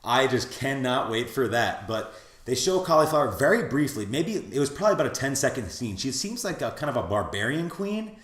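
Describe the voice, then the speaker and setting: A man's voice: mid-range voice, sing-song, fairly quick, a bit bright, reverberant. A man casually recapping an anime episode, rambling with many restarts and acting out character lines in funny voices. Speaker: anime reviewer.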